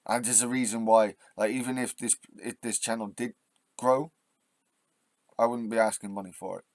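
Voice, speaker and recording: A man hosting his own channel, delivering a passionate, swearing rant that drops to quiet musing and then flares up loud, with halting restarts when he thinks aloud. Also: on the low side, steady tone, no echo. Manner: swearing, impassioned, swings between quiet and loud. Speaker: channel host. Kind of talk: ranting vlog monologue.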